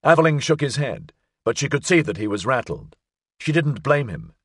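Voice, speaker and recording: A man narrating an audiobook thriller in an expressive, suspenseful reading. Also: mid-range voice, moderate pace, slightly rough, dry recording, clean studio sound. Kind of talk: scripted narration.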